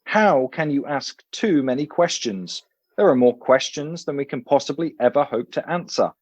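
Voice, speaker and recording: A man's voice: medium pitch, animated, moderate pace, a little mellow, dry recording, highs cut off, pitched above the performer's own voice, close to an everyday voice. A man voicing a fussy, prim elderly English professor with a clipped English accent. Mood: huffy. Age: older.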